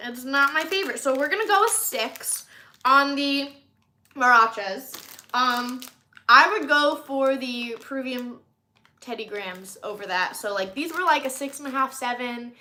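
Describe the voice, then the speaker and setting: A woman's voice: sits high, measured pace, bright, forceful tone. A woman vlogger chatting candidly while reviewing snacks on camera, full of casual likes.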